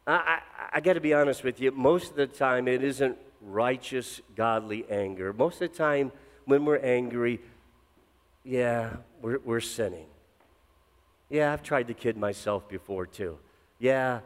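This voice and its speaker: A middle-aged man preaching a sermon as pastor, swinging from loud emphatic lines to low, intense drops. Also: a little slow. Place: church sanctuary. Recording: long reverb of a church hall.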